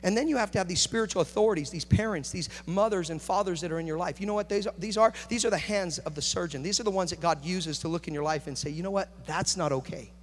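A man preaching a sermon, moving between quiet, confiding talk and loud, rising passion. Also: sits high, fast talker, few pauses. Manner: builds from hushed to shouting intensity. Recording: echoey hall with faint hum.

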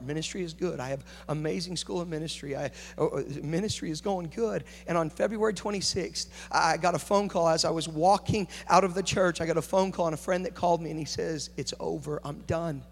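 A man preaching a conference sermon, moving between hushed storytelling and loud, urgent preaching. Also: on the high side, slight background noise. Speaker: pastor. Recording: long hall reverb.

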